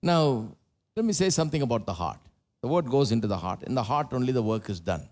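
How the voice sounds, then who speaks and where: A man with an Indian English accent preaches a sermon at a live church service. His voice sits at a middle pitch but keeps leaping up for loud, emphatic lines before settling back into low, conversational asides. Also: big pitch swings, brisk. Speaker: pastor.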